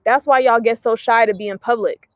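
Animated young woman host, dry close sound. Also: on the high side, a little fast, no room sound. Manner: animated, slangy, emphatic. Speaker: podcast host. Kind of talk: casual chat.

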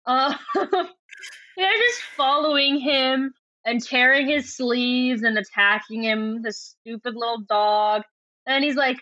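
A woman's voice: high-pitched, takes it slowly, sharp tone, no room sound. A woman co-hosting a podcast, chatting casually and laughing as she reads book passages aloud, heard over a lo-fi remote line. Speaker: podcast co-host. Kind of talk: casual book-club chat. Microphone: remote call microphone. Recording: muffled lo-fi remote line, dry.

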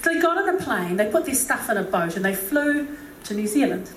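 A woman delivers a humorous sermon in a chatty, joking way, full of asides. Her voice sits somewhat high and echoes around the room from a distant mic, with faint background ambience. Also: very animated, fairly quick, a little hiss or hum. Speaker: preacher.

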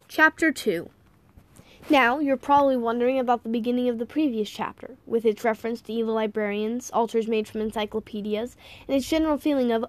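A woman narrates an audiobook with wry, playful delivery. Her voice sits a little high, and the recording is dry and close with no room around it. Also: fairly even intonation, brisk, no echo.

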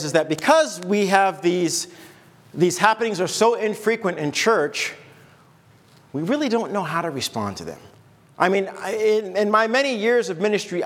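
A man's voice: sits high, in a large hall. A man preaching a sermon as pastor, in a loose, conversational way, stopping and restarting and acting out little asides. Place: church.

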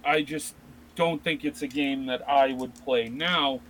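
A man's voice: mid-range voice, steady tone, a little slow, fairly bright tone, a little hiss or hum, rough recording. A man in his thirties co-hosting a casual chat about video games, rambling with many restarts. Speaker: podcast co-host.

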